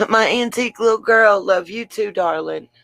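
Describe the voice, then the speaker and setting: A woman's voice: mid-range voice, a little slow, creaky, fairly bright tone, dry recording. A woman hosting a livestream, chatting affectionately with viewers and laughing often, tired after a long stream. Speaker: livestream host. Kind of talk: casual livestream sign-off chat.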